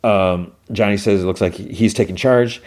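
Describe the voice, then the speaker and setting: A man's voice: on the low side, normal speed, darkish tone. A man hosting a podcast, casually recapping a TV episode scene by scene with loose quoted lines and lots of filler words. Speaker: podcast host.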